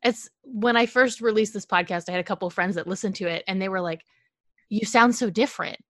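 Relaxed woman hosting her podcast over a video call, says "like" a lot, dry sound. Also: medium pitch, fast, no room sound. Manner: relaxed, uses "like" often. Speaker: podcast host. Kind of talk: casual interview.

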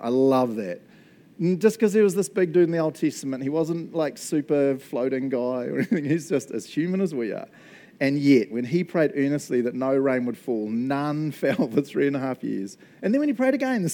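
At a moderate pace, a pastor with a fairly high, warm, expressive voice delivers an informal, enthusiastic sermon. He often engages the congregation, laughs a good deal, and tags his lines with "right?" and "eh?".

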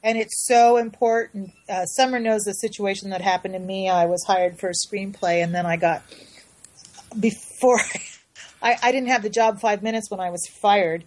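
A woman guest on a radio show, telling a story with animated, halting restarts. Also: mid-range voice, low-quality recording. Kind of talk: casual radio talk.

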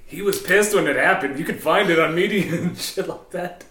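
A man's voice: high-pitched, moderate pace, fairly bright tone, reverberant, slight background noise. A man, a former strip club DJ, telling profane stories in casual podcast chat and laughing often. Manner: profane, laughing, acts out quoted voices.

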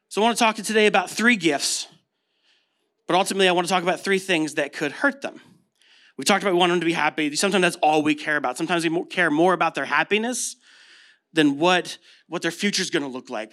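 With a high, pushed and bright voice, a pastor in his thirties gives an easygoing sermon. He speaks with an American accent, weaving stories together with rhetorical questions.

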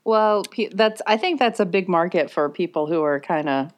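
A woman in her forties co-hosting a casual chat, telling animated stories and laughing often. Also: fairly low pitch, moderate pace. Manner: laughs often, animated storytelling with sung bits. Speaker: podcast co-host.

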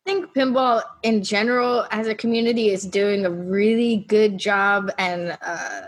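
A woman's voice: medium pitch, steady tone, normal speed. A woman panelist in a casual roundtable chat, speaking upbeat and enthusiastic.

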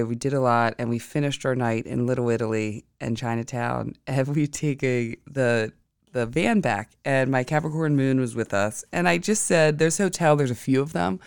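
A woman's voice: rumbling low, normal speed, darkish tone, clear, resonant tone, no echo, studio quality. A woman hosting an astrology podcast, telling a rambling, chatty story in a casual monologue.

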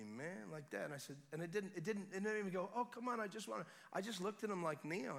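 A man preaching at a revival service, telling a story with swings between hushed quiet and loud excitement. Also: high-pitched, quick pace, creaky, hardly any pauses. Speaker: guest preacher. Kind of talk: sermon testimony. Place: church service.

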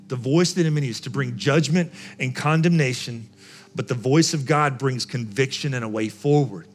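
A male pastor delivers a sermon in a mid-range voice, stressing key phrases and repeating them for weight. Soft music plays faintly behind him. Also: mid-range voice. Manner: emphatic preaching with repeated phrases.

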